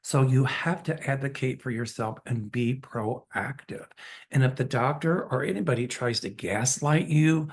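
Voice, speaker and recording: A man's voice: medium pitch, a little slow, slightly rough. A man hosting his own channel, earnestly and candidly retelling a personal story with open emotion. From Chicago area, US. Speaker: channel host, psychic.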